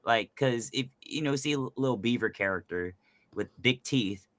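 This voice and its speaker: A man's voice: medium pitch, moderate pace, no echo. A man hosting a casual chat about voice acting, youthful and resonant in tone, talking loosely with plenty of fillers. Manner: energetic, loose, lots of fillers. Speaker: host and voice actor.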